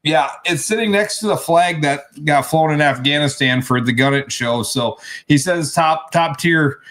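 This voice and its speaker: A man's voice: a little high, normal speed, a bit bright. A man co-hosting a casual chat, telling a story in a rambling way with many restarts. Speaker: co-host.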